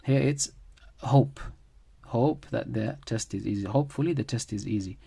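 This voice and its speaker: A middle-pitched man with a warm, husky tone and some vocal fry teaches grammar at normal speed. His delivery is patient and classroom-like, repeating key phrases and building points from everyday examples.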